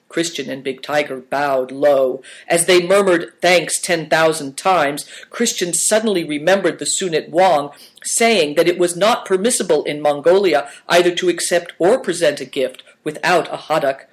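A man reading a story aloud as narrator in a steady, measured way. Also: on the high side. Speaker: audiobook narrator.

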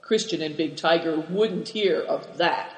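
A narrator reading a children's adventure story aloud at a steady, measured pace. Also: medium pitch. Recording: roomy hall reverb.

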